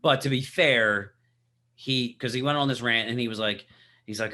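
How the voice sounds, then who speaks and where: A man's voice: mid-range voice, normal speed, bright, forceful tone. A man co-hosting a podcast, telling stories in casual chat with hesitant restarts and swearing. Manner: storytelling, hesitant, profane. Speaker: podcast co-host.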